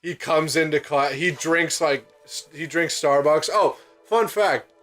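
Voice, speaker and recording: Young dude rambling and cursing thru a let's play, kinda high voice, mic on a bucket, faint music under. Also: male voice, measured pace, a bit bright. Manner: rambling, laughing, swearing storyteller. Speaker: let's play co-host, student. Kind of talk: casual gaming chat. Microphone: microphone set on a bucket.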